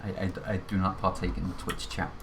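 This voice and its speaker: A man co-hosting a developer stream, explaining features in a measured way and laughing often. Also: low-pitched, little pitch movement, creaky, background noise. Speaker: game developer co-host. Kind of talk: casual chat over gameplay.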